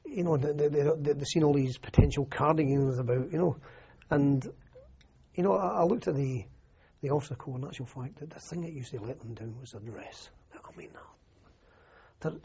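In a dull, muffled old recording, an older Scottish veteran rambles briskly through his army stories for an oral history interview, restarting often and circling back with "you know." His voice is very husky and mellow yet fairly high.

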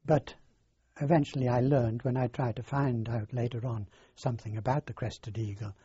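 An older man, recounting his past in a halting, rambling way in an oral history interview. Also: medium pitch, steady tone, dark tone, slightly rough, no room sound. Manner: halting, rambling storyteller with many fillers. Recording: dull lo-fi dry recording.

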